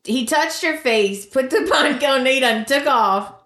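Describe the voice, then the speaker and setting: Slow-talking woman in an echoey room. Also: sits high, fairly bright tone. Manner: slow, emphatic, laughs often. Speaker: podcast co-host. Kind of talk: casual chat recapping a soap opera.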